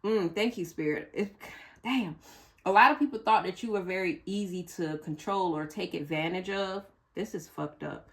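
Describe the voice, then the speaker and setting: A woman's voice: fairly low pitch, normal speed. A woman reading tarot cards for viewers in a casual, emotional way, cursing freely as she goes. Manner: blunt, emotional, curses freely. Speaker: tarot reader.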